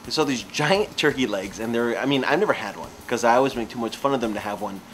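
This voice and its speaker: A man casually telling a comic story in an animated, rambling way, with lots of fillers. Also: medium pitch, fast, a little hiss or hum.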